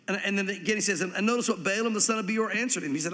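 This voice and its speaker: High-voiced preacher in a reverberant hall. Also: male voice, quick pace. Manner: animated, acts out voices in quoted lines. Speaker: pastor. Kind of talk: sermon.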